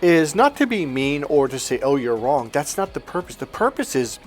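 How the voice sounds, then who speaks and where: A man speaking as a life coach, telling a client story in a lively way and acting out both voices in the exchange. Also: fairly high pitch, moderate pace, soft background music. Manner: animated storyteller, acts out both sides of dialogue. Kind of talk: coaching monologue with anecdote.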